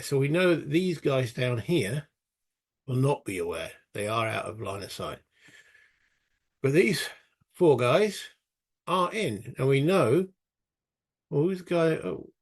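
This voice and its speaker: A British man narrating a solo tabletop wargame playthrough, chatting and thinking aloud as he goes, with self-mocking asides. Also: medium pitch. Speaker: solo board game player.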